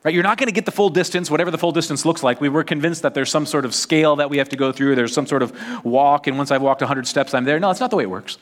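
A man's voice: on the high side, racing, few pauses. Chatty man preaching a casual sermon. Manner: chatty, peppers talk with "right?" and "like". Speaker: pastor. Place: church service.

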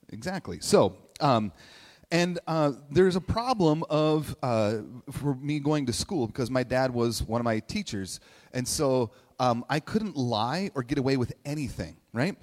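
Chatty man preaching in a reverberant hall. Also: medium pitch. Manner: animated, chatty, acts out quotes in funny voices. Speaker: speaker giving a message to a congregation. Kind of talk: sermon storytelling.

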